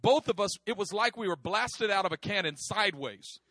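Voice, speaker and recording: A middle-aged man preaching, telling a story with lively acted-out voices and frequent laughter. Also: high voice, a little fast, no echo, studio quality. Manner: animated, acts out voices, laughs often. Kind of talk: sermon storytelling.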